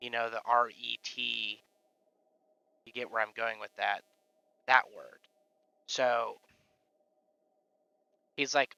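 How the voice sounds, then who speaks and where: A man's voice: medium pitch, level tone, takes it slowly, creaky, long pauses, pushed and bright, smooth, no echo, lo-fi sound. Rambling, foul-mouthed streamer guy. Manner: rambling, profane, full of fillers. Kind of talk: casual live-stream chat.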